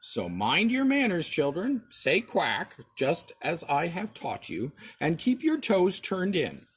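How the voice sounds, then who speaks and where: A proud mother duck from a storybook, scolding her ducklings about manners, as a man puts her on. The voice is pitched high, husky and slow, and swings up and down a lot. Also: huge pitch swings, exaggerated voice. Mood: bossy.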